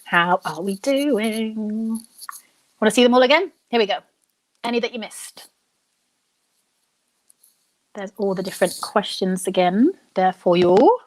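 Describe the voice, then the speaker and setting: Chatty woman hosting a quiz. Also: mid-range voice. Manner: chatty, thinks out loud, reads questions slowly then repeats them. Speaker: quiz host. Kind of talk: hosting a live online quiz.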